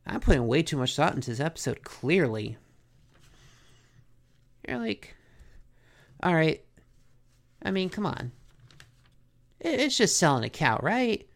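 Unhurried recap host, lively pitch, jokey and self-questioning. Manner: animated, joking, self-questioning. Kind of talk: episode recap commentary.

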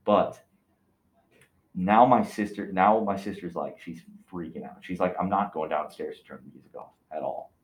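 Man, very deep voice, casual excitable storytelling, roomy echoey recording. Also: normal speed. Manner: animated, excitable, lots of fillers and restarts. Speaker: podcast co-host telling a ghost story. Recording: roomy echo.

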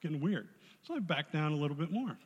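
A man giving a spoken testimony to a church congregation, telling his story in a lively way and acting out the voices in it. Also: on the high side, fast talker, husky, highs cut off. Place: church hall. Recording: long hall reverb.

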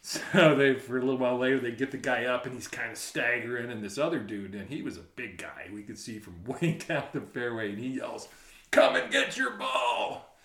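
A man telling a story in casual chat, animated, laughing often and acting out the shouted quotes. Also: mid-range voice, a little fast, hardly any pauses. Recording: roomy echo.

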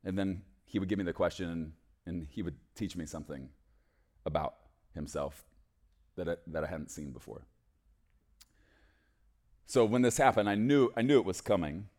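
A man preaching a sermon, swinging from loud, emphatic declarations to soft, hushed storytelling. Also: low-pitched, lively intonation, normal speed, long pauses.

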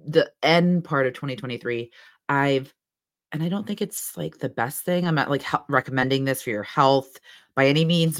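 A woman co-hosting a casual podcast chat, talkative and profane, laughing often. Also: deep voice. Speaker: podcast co-host.

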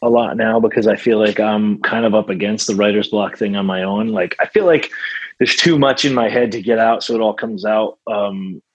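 A man's voice: fairly low pitch, moderate pace, breathy edge, dry recording, dull audio. A male songwriter as a guest in a casual interview, rambling with many fillers and restarts.

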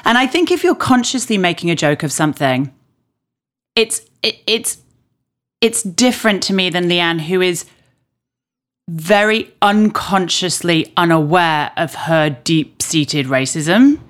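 A woman's voice: on the low side, animated, a little slow. A woman co-hosting a podcast, chatting casually and thinking aloud with restarts. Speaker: podcast co-host.

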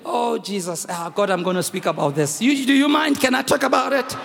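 A man's voice: very high voice, a little fast, vocal fry, few pauses, soft background music. A man preaching a sermon, telling a story and calling out to his congregation. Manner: preaching loudly, switching between English and local languages, calling the congregation. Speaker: pastor. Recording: reverberant hall recording, faint room noise.

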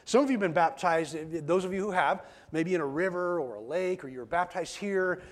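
A male pastor with a fairly high voice preaches a sermon to his church congregation in a loose, conversational, fairly quick way, often stumbling over and repeating his first words before a sentence gets going.

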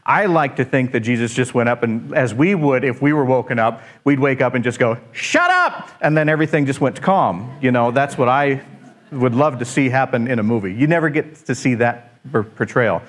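A man, preaching a sermon full of humorous, self-deprecating stories, rambling and animated with frequent restarts. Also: medium pitch, fairly quick.

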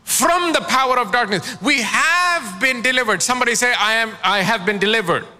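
A man's voice: very high-pitched, animated, normal speed, sharp tone, long reverb tail. A man preaching a sermon as pastor, calling on his congregation to answer back. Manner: preaching with call-and-response prompts to the congregation.

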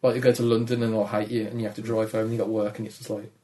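A young man with a Dudley accent and a gravelly, deep voice, a comedian talking in a casual interview in a shy, low-energy way. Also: little pitch movement, rapid-fire, mellow. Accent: Dudley, Black Country. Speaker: comedian guest.

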